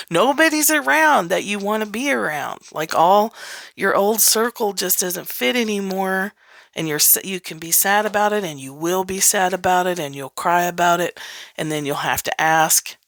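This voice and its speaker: A woman's voice: medium pitch, normal speed, gravelly, fairly bright tone, dry recording. A woman hosting a podcast in a casual, candid teaching style, laughing often and swearing freely. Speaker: podcast host.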